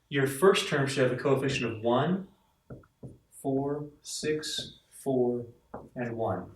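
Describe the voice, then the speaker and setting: A man teaching a math lecture to students, enthusiastic and animated as he walks through examples. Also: mid-range voice, roomy sound, distant mic, slight background noise, rough recording.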